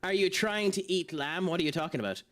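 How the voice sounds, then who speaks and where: This young man's voice is high-pitched and fairly bright, and he talks at a quick pace while streaming a game. His laid-back commentary is chatty and full of fillers, and he keeps laughing at himself.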